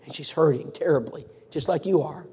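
A man voicing a calm older church elder who speaks softly and slowly to reassure. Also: on the high side, breathy edge, in a large hall. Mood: gentle. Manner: soft, slow, reassuring.

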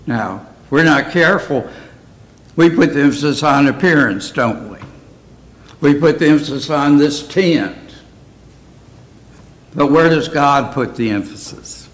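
A man's voice: mid-range voice, low-quality recording. A man teaching a Bible study in a plain, conversational way, often asking his listeners questions.

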